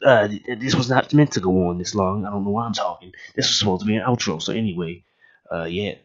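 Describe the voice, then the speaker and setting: A young man giving casual, excitable gameplay commentary, yelping and cussing at the game. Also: on the low side, quick pace, lo-fi sound. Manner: excitable, yelps and cusses at the game. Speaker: gaming YouTuber.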